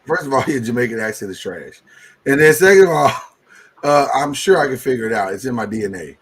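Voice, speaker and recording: A man hosts a podcast in easy, casual chat, his voice sitting in an ordinary middle pitch. He talks in an animated, rambling way, restarting sentences and jumping up sharply in pitch and loudness when he gets going. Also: a little fast, slightly rough. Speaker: podcast host.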